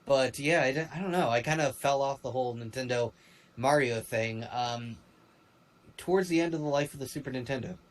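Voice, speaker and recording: A man's voice: mid-range voice, brisk, low-quality recording. Rambling man chatting on a stream. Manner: rambling, animated, with frequent fillers and restarts. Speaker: stream co-host. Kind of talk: casual chat.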